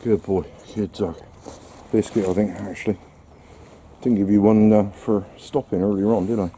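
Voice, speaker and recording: A man's voice: fairly low pitch, fairly even intonation, normal speed, dark tone, a little hiss or hum. A man filming a countryside walk, chatting casually to his dog and the camera. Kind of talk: casual vlog narration. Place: outdoors in the countryside.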